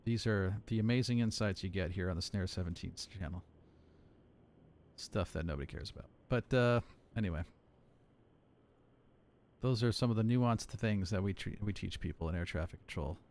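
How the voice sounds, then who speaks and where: A man's voice: low-pitched, moderate pace, pauses often, darkish tone. A man in his late thirties, an air traffic controller, chatting casually on a live stream and explaining things through repeated examples. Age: 30s.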